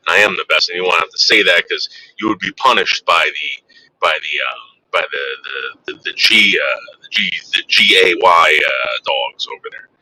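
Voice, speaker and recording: A man's voice: low voice, normal speed, sharp tone, rough recording. A man hosting a casual livestream, chatting with his viewers and teasing them in a rambling way. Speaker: livestream host.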